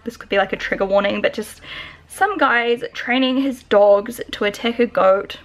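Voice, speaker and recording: Twenty-something New woman vlogging at home; chatty, filler-heavy, a bit high with vocal fry. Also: normal speed. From New Zealand. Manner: chatty, lots of "like" fillers, talks to her dog. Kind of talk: casual daily vlog chat. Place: home, indoors.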